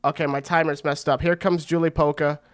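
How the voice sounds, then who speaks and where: A man's voice: a little high, fairly quick, smooth. A man hosting a fight watch party, giving casual, rambling commentary full of slang. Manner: excitable and rambling, slangy with frequent "bro".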